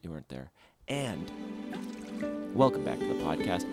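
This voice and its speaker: A man's voice: sits low, normal speed, over loud music. A man co-hosting a podcast, trading jokes in casual, self-deprecating banter. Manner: jokey, animated, self-deprecating. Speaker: podcast co-host.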